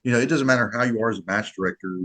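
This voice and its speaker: A man's voice: medium pitch, rapid-fire, sharp tone. A middle-aged man, a match director, chatting casually on a podcast in an earnest, rambling way with many restarts.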